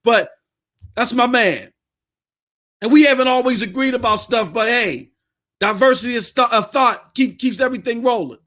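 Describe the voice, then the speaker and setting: A male podcast host delivers a live-streamed rant in a very high, bright voice. He speaks directly to his viewers and keeps getting worked up, often pushing into yelling. His tone is sharp and forceful throughout. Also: normal speed.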